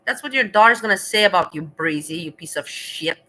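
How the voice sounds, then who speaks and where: Bright-voiced woman ranting bluntly. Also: on the low side, expressive, brisk, poor audio. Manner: blunt, scathing, profane. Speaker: reaction vlogger. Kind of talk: reaction commentary.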